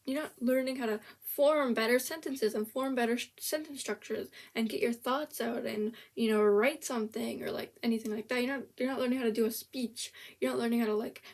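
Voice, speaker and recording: A young woman with a slightly high voice gives a blunt, sarcastic rant in loose casual commentary. She swears freely and trips over her own sentences as she restarts them. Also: fairly even intonation, fairly quick, few pauses. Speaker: vlogger reviewing a language app.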